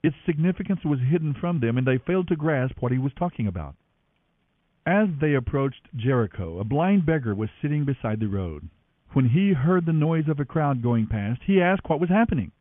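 An expressive man reading scripture with a lively, rising and falling delivery. The recording is dry and narrow, like it comes through a telephone. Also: fairly high pitch, normal speed, dry recording. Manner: expressive, voices each speaker. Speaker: Bible reader. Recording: dry, tinny phone-like sound.

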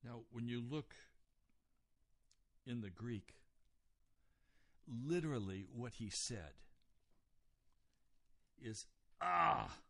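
Slow, deliberate male preacher. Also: mid-range voice, expressive, darkish tone, no room sound. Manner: deliberate expository preaching, pausing on key words. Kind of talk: sermon.

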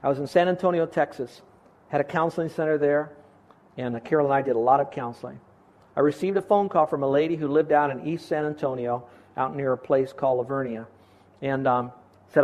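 Male pastor, fairly high voice, earnest and pleading sermon delivery in church. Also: moderate pace, darkish tone.

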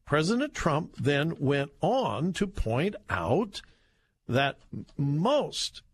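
Male talk host, emphatic commentary, slightly high voice that rises and falls a lot, unhurried. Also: big pitch swings, breathy edge. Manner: emphatic, conversational, reacting to headlines. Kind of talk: political commentary.

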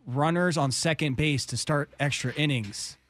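A man's voice: on the high side, moderate pace, a bit bright, a little hiss or hum. A man who produces a sports radio show, chiming in with offhand jokes. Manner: joking, offhand. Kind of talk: casual sports radio chat.

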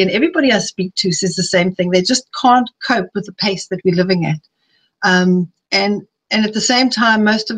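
A woman's voice: medium pitch, poor audio. Chatty middle-aged woman presenting a webinar. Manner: chatty, personal, builds rapid lists. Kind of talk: live webinar talk. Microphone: streaming live.

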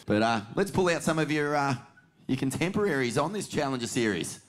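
A man's voice: medium pitch, animated, brisk. A middle-aged Australian man hosting a podcast, blokey and joking, swearing freely. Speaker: podcast host. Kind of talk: casual podcast chat.

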